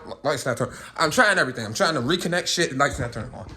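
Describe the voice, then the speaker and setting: A man's voice: medium pitch, racing. A young man talking straight to camera in a loose, rambling rant, swearing freely as he tells a long story. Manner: animated, profane, rambling storyteller. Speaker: vlogger.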